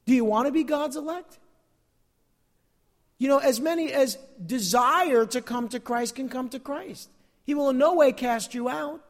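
Man, pastor, very high voice, sermon, rhetorical questions, long hall reverb. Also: measured pace. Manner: preaching with rhetorical questions and calls of "amen?". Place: church service.

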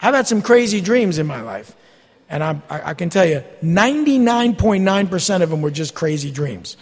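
A male pastor delivers an emphatic, folksy sermon with a high, lively voice and a gravelly edge. His words ring out through a church hall with a long reverb tail. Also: moderate pace. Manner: folksy, emphatic preaching with mocking asides. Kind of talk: expository sermon. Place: church sanctuary.

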